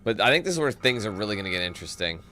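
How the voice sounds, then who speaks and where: A man's voice: on the low side, sing-song, rapid-fire, pushed and bright, slight background noise. A man giving casual gameplay commentary, laid-back and rambling, with joking asides.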